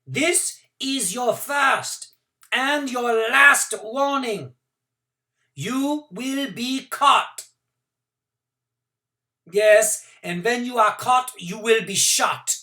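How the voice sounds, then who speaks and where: A menacing male officer barks his threats high, loud and slow, each word hammered out, as a man reading a storybook aloud puts him on. The voice climbs far above the reader's usual pitch and rises and falls widely. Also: full character voice. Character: menacing male soldier officer shouting orders.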